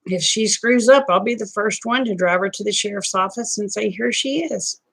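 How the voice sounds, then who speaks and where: A woman's voice: medium pitch, fairly quick. A woman chatting casually with viewers on a live stream, folksy and talkative. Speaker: vlogger.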